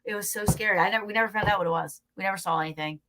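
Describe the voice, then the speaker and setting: Woman guest, casual storyteller, animated, laughs a lot, swears freely. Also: mid-range voice, racing, background noise.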